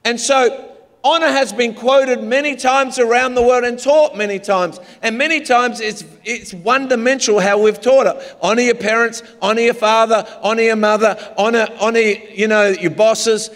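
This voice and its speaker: A man's voice: very high-pitched, moderate pace, a bit bright. A man with an Australian accent, a pastor preaching a humorous, story-filled sermon in a large church. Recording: long hall reverb.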